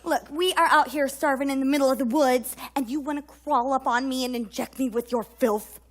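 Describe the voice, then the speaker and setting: A woman playing an exasperated, nagging pioneer wife in an improvised comedic role-play over a game, with a sharp, scolding drawl. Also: high-pitched, fairly even intonation, fairly quick, slight background noise, natural voice. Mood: indignant.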